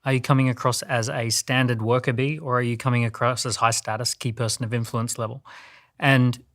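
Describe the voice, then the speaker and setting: A man as an interview guest, explaining his ideas in a measured way. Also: mid-range voice, flat delivery, fairly bright tone. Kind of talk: casual interview talk.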